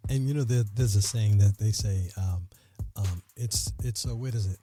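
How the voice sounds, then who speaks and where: A man's voice: lowish voice, normal speed, mellow, soft background music. A man hosting a podcast interview in a studio, chatty and laid-back, laughing easily. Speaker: podcast host. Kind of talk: casual interview.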